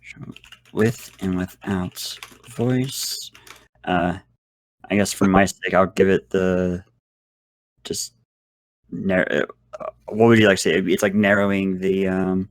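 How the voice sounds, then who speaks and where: A man with a slightly low voice speaks slowly and hesitantly, searching for words. He goes over his notes as a voice student, and the recording is close and dry. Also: fairly even intonation, dry recording. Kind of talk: reviewing lesson notes.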